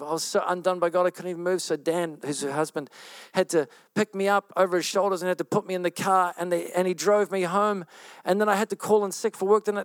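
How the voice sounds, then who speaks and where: High-voiced pastor telling a story. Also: male voice, no room sound. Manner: animated, repeats phrases, rushes through quoted speech. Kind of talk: sermon storytelling.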